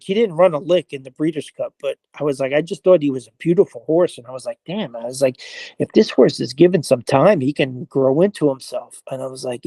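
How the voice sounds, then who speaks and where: Animated man telling a story. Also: a little high, vocal fry, no echo. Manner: animated storyteller, acts out quoted dialogue, frequent "I was like"; casual swearing and slang. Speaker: interview guest, horse player. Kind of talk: casual anecdote in an interview.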